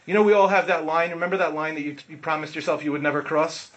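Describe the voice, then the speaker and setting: Man, rabbi, informal Torah class, engaging, quizzes students, slightly high voice, light hiss. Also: quick pace, few pauses, highs cut off. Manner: animated, asks the listeners questions, acts out students' words.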